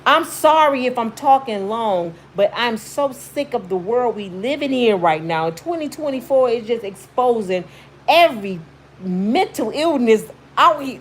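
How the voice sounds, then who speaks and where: A woman's voice: a little high, lively intonation, unhurried, a little hiss or hum. A woman in her fifties giving blunt, emphatic, sermon-like motivational commentary on her YouTube channel.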